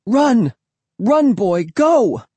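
A man's voice: fairly low pitch, level tone, normal speed, mellow, husky, no room sound. A man voicing a frightened, defiant young boy who pleads and screams for his dog. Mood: screaming.

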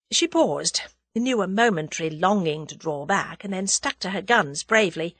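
A woman's voice: on the low side, normal speed, hardly any pauses, a bit bright, breathy edge, no echo. A woman reading a novel aloud as an audiobook narrator, telling the story expressively. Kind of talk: scripted narration.

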